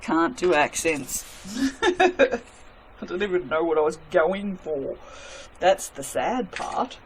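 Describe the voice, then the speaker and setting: A woman's voice: on the low side, expressive, slow pace, a little hiss or hum. A woman chatting casually to her viewers while making soap, self-mocking and talking to herself as she works. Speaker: soap maker.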